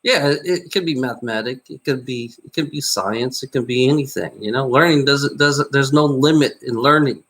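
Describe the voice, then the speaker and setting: A man's voice: normal speed, few pauses, a bit bright. A man vlogging in a rambling monologue, repeating himself, swearing and tagging nearly every line with "you know?". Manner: voice jumps high on exclamations.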